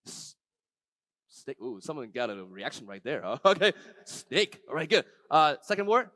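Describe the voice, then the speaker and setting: Man, keynote magician, somewhat high pitch, dry close mic, swings between soft and excited. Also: no echo. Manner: lively, swings from soft and slow to loud and excited. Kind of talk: live keynote talk with audience magic trick. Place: conference stage before a live audience.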